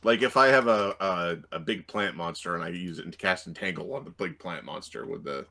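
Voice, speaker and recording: A man's voice: low-pitched, brisk, bright, forceful tone. A man running a tabletop game as game master, hesitant, with many fillers and restarts and easy laughter.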